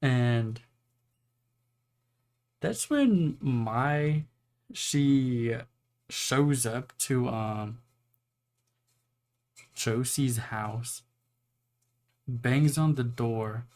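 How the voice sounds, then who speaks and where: A man's voice: medium pitch, very slow, long pauses, a little mellow. A young man casually retelling an anime plot, rambling and swearing, now and then acting out the characters' lines. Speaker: anime reviewer.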